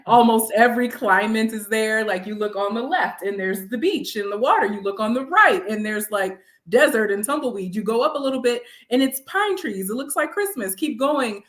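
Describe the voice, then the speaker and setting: A woman guest in a casual chat, telling stories in an animated way and laughing often. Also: fairly high pitch, moderate pace, hardly any pauses. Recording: roomy echo.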